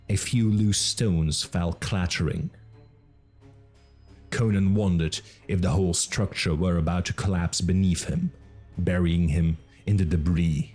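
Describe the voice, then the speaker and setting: A man with a very deep voice narrates a fantasy audiobook in a measured, dramatic way. He reads slowly and deliberately, and faint music plays underneath. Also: a little mellow. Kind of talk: scripted narration.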